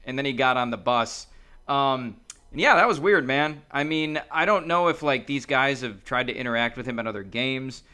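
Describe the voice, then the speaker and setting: Male co-host, bright tone, mid pitch, laid-back recapping. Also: moderate pace, clear, resonant tone. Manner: relaxed recapping with fillers. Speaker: podcast co-host. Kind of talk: casual chat.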